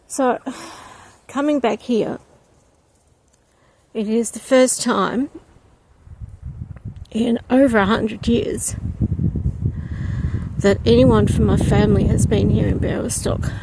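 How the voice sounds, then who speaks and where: A woman's voice: fairly high pitch, steady tone, slow, long pauses, warm tone, a little hiss or hum. A woman talking casually and reflectively to her camera as she walks through an outdoor cemetery on a breezy day. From from outside Poland. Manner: reflective, chatty, with frequent ums. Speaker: vlogger. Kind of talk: casual vlog walk-through. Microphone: handheld camera.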